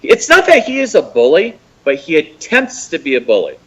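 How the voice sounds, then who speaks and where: A fairly high-voiced American man calls in and rants, his pitch leaping and dropping as he mocks someone. He swears freely and his tone stays scornful throughout. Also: normal speed, slightly rough, poor audio. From United States. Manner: profane, mocking, animated ranting. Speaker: caller. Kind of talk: heated call-in rant.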